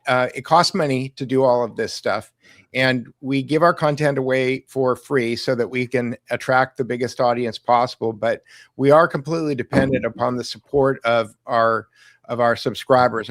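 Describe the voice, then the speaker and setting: Halting male podcast host, dry sound. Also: medium pitch, dry recording. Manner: halting, repeats words when starting. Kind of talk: casual podcast conversation.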